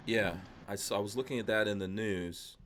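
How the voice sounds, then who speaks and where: A man hosting a casual livestream podcast, reading out viewer comments in a relaxed manner. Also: lowish voice, brisk, a little hiss or hum. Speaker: podcast host.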